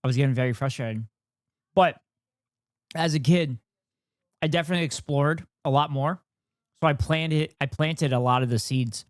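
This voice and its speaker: A man's voice: fairly high pitch, moderate pace, pauses often, no echo, studio quality. A man live-streaming in a casual, joking way, bantering and teasing with his chat as host.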